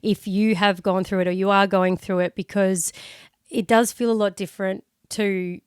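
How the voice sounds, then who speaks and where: A woman's voice: medium pitch, level tone, normal speed, smooth, no echo, studio quality. A woman, co-hosting a podcast as a mum, talking candidly and emotionally and swearing freely. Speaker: podcast co-host. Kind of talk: casual chat.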